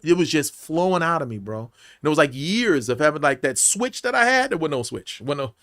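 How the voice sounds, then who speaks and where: An actor in his forties tells a personal story on a podcast. His voice sits fairly high for a man, and he slips into the voices of the people he quotes as he goes. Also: fairly quick. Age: 40s. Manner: animated storyteller, acts out voices. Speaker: actor guest. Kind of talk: storytelling interview. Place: podcast studio.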